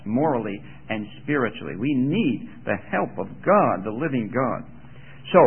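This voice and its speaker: A man preaches a teaching sermon, chatty and fond of questions to his listeners. His voice is slightly raised and swings widely in pitch. It comes through husky and thin, like an old radio broadcast. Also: narrow, tinny audio. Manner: conversational, asks the audience questions.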